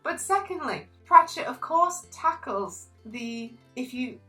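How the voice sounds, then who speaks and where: A young woman reviewing a book in a casual, animated vlog, gushing about characters and reading quotes aloud. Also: high voice, slow pace, faint music behind, low-quality recording.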